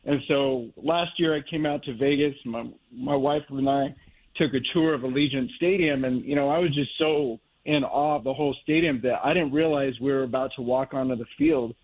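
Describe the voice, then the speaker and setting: A middle-aged man from the Monterey Bay area calling into a radio show, talking in a heartfelt, slow and reflective way. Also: medium pitch. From Monterey Bay area, California. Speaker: caller. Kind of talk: call-in reminiscing. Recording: tinny phone line.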